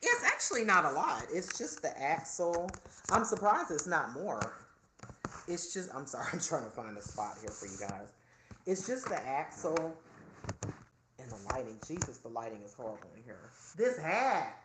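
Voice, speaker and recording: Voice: mid-range voice, sing-song, normal speed, noisy background. A vlogger in their forties, venting casually to viewers while filming themselves indoors. The delivery is chatty and indignant. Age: 40s. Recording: echoey room.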